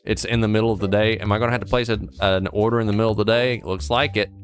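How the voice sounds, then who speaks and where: A man's voice: lowish voice, steady tone, fast, faint music behind. A man casually commenting on a shop game, joking and chatting with his customers. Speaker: gaming streamer.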